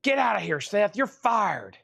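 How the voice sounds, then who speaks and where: A man's voice: high-pitched, very animated, measured pace, creaky, sharp tone, husky, pitched above the performer's own voice, full character voice. A man voicing a bossy store dog barking orders. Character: bossy male store dog firing a worker.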